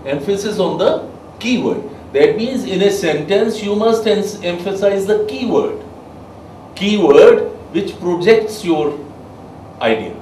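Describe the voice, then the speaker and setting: A man giving a soft skills lecture to a class, emphatic and quizzing his listeners. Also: sits high, slight background noise. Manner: emphatic, asks the class questions. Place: training room with a class. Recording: echoey room, mic far off.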